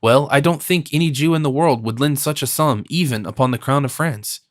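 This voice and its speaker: A man voicing a scheming, ironic cardinal minister who speaks from his sickbed with a hoarse, disdainful tone, in a read audiobook. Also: medium pitch, a little fast, no room sound, studio quality, natural voice. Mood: sardonic.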